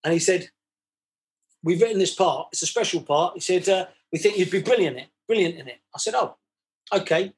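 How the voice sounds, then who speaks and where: A man's voice: high voice, fairly quick. A man, chatting as a podcast guest and acting out both sides of old conversations. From England. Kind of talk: casual storytelling chat.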